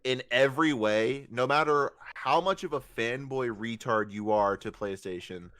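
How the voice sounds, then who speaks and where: A man's voice: medium pitch, normal speed, a bit bright. Laid-back podcast co-host man. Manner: laid-back, agreeing, blunt. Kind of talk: casual chat.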